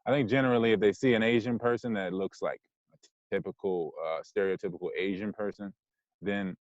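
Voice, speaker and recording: A podcast guest in his thirties talks loosely and ramblingly in a casual interview, leaning on fillers like "like" and "you know what I mean." His mixed American accent is Californian with Jersey and Detroit touches, and his lowish, slightly nasal voice runs a little fast with fairly even intonation. The recording is dry, with the highs cut off.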